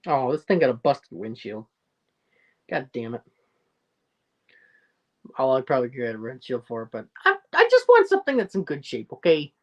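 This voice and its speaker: A man's voice: medium pitch, huge pitch swings, moderate pace, long pauses, lo-fi sound. Newfoundland guy on a chill livestream, reading comments, rambly and jokey, laughs a lot. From Newfoundland, Canada. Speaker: livestream host. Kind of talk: casual livestream chat, reading viewer comments aloud.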